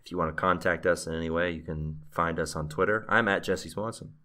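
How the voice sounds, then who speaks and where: Low-voiced bright podcast host, a man. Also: fairly quick. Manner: dry, wraps things up. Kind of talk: casual chat.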